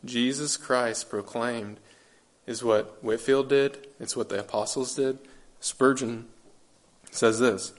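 A male preacher delivers a sermon in an earnest, emphatic way. He keeps asking rhetorical questions and repeats his key phrases. His voice sits at an ordinary middle pitch for a man.

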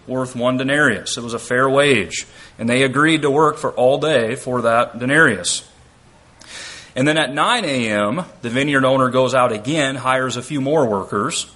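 In an expository sermon, a male preacher and Bible teacher reads scripture verses aloud and explains them step by step, frequently posing rhetorical questions. His average-pitched voice carries a bright, forceful edge.

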